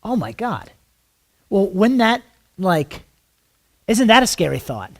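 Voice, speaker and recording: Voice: medium pitch, big pitch swings, slow. A ministry school teacher talking informally to a class, rambling with many fillers and rhetorical checks on the listeners, with blunt, frank asides.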